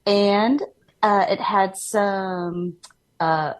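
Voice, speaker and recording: A woman's voice: mid-range voice, fairly even intonation, extremely slow. A woman from Minnesota with a Minnesotan accent, co-hosting a podcast in casual, upbeat chat, laughing often. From Minnesota, USA. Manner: chatty and upbeat, laughs often, many "like" fillers. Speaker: podcast co-host.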